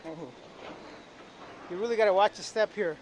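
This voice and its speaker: A young man with a slightly high voice talks loosely to his viewers and the stray dogs around him while filming a walk through old streets. Street noise and passing traffic stay clearly audible behind his voice. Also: moderate pace. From Canada. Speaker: travel vlogger. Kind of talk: casual walking vlog. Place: outdoors on old city streets. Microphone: handheld camera while walking.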